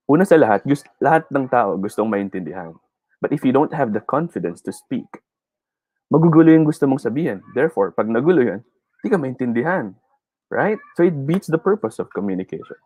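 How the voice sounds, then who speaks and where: A man's voice: mid-range voice, big pitch swings, a little fast, darkish tone, no echo. A man with a Filipino accent teaching a live online speech class, encouraging students and reading out their comments. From Philippines. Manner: encouraging, mixes English and Tagalog, reads viewer comments.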